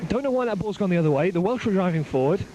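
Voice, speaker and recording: A man giving live play-by-play rugby commentary outdoors at a ground, excitable and joking, his voice climbing as the play builds. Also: sits high, racing, lo-fi sound. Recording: noisy outdoor amateur recording.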